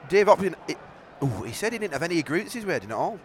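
A man talks quickly, his pitch bouncing all over as he teases and giggles on a football podcast. Faint outdoor noise sits under his voice in the press box. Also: big pitch swings. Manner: cheeky, giggly, teasing. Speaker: podcast co-host. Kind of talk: casual football podcast chat.

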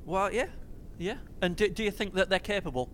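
Middle-aged male podcast host, dry wit, keeps the chat moving, high voice. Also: brisk, fairly bright tone, slight background noise. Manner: steers the talk, dry jokes. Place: at home with children around.

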